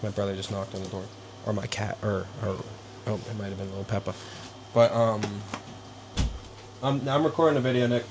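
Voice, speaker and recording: A young man vlogging casually from his bedroom, rambling and halting with many fillers. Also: on the low side, fairly even intonation, noisy background. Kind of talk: casual self-interview. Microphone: small handheld camera.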